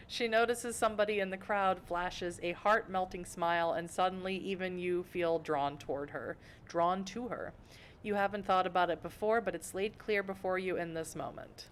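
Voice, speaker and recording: A woman's voice: on the low side, steady tone, moderate pace, slight background noise. An American woman streaming a game from home, reading the story aloud and breaking off for playful, self-mocking asides. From United States. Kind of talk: reading a visual novel aloud with chatty asides.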